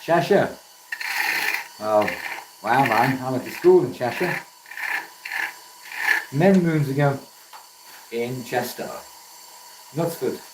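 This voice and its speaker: A man's voice: mid-range voice, expressive, slow pace, pauses often, background noise. A man from Wales hosting a woodturning livestream, chatting in an easygoing way with viewers and often calling them mate. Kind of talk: casual live-stream chat with viewers. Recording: roomy echo, voice from a distance.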